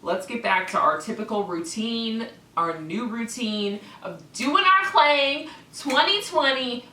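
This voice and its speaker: Sweary ranting woman, bright echoey voice. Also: on the high side, lively intonation, slow pace, recorded from a distance, slight background noise. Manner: swaps words for cl- puns. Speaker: clown-persona vlogger. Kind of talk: ranting vlog to camera. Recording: echoey room, away from the mic.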